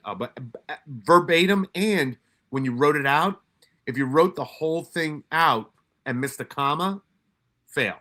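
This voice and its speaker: A man's voice: mid-range voice, pushed and bright. A man from New York telling stories in a casual, profane way, with many restarts and quoted asides. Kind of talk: casual storytelling.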